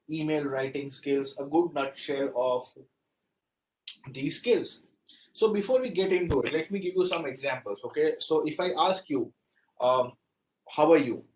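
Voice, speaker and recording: Indian male lecturer, a bit high-pitched, explains with acted-out examples. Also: slight background noise, poor audio. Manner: explains with acted example phrases, switches into Hindi. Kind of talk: classroom lecture.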